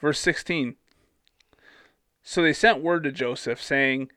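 A man's voice: a little high, slow pace, pauses often, bright, forceful tone, no echo. A man co-hosting a casual Bible study, reading scripture aloud and adding playful asides.

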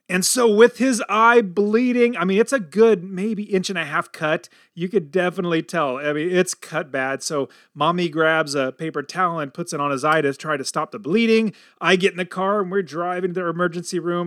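A man's voice: high-pitched, moderate pace, no echo, studio quality. A middle-aged man hosting a podcast, telling a family story in a casual, upbeat way. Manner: energetic and upbeat, tells stories animatedly. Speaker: podcast host.

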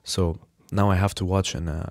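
A man's voice: low-pitched, steady tone, normal speed, dry recording, clean studio sound. A man hosting a podcast, chatting in a playful way with lots of laughs and stammered restarts. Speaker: podcast host. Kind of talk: casual podcast chat.

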